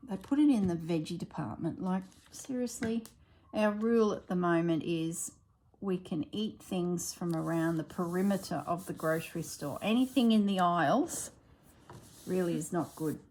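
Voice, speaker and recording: A woman's voice: lowish voice, moderate pace, darkish tone. A woman, chatting and telling stories while she works on a craft project at home. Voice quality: chatty storyteller. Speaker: craft vlogger. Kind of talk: casual chat while crafting.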